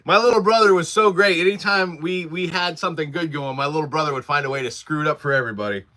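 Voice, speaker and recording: A man's voice: on the high side, quick pace, pushed and bright. A man in his forties hosting a casual livestream from his workshop, rambling through stories and laughing often while answering chat. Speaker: livestream host.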